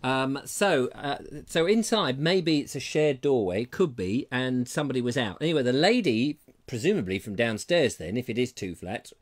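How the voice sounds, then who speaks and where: A man's voice: medium pitch, lively intonation, moderate pace, few pauses. A man hosting a live comedy talk show from his house, talking with playful, theatrical asides to his audience. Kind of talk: live-streamed comedy chat. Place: terraced house, indoors.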